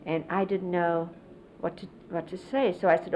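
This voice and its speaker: A middle-aged woman casually reminiscing, explaining hand gestures in an unhurried, conversational way and often quoting others. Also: on the low side, level tone. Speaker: interviewee recalling life with a spiritual teacher. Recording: lo-fi 1970s videotape, faint hiss.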